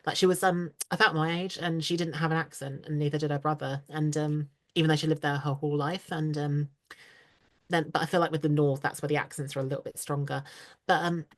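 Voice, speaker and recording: A woman's voice: low-pitched, flat delivery, a little fast. A young woman from the UK with a southern English received pronunciation accent, chatting casually as a guest on a video call, with lots of fillers and laughs. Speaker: voice actor guest. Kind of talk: casual interview chat.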